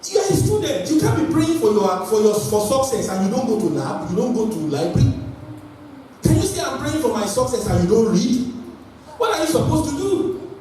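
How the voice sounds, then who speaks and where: Animated male preacher in an echoey hall. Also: extremely high pitch, a little fast. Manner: energetic, call-and-response with congregation. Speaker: pastor. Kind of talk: sermon. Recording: echoey hall, voice from far off, faint noise.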